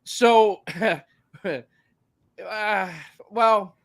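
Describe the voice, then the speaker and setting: A man's voice: high-pitched, very slow, a bit bright. A man co-hosting a wrestling podcast, recapping matches in a rambling, profane way with plenty of fillers. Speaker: podcast co-host. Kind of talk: casual wrestling chat.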